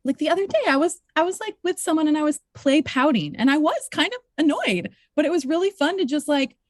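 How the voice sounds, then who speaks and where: A woman's voice: sits high, animated, a little fast, darkish tone, dry recording. A woman coach speaking as a podcast guest in casual chat, reflective and sometimes searching for her words, with occasional swearing. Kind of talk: casual conversational interview.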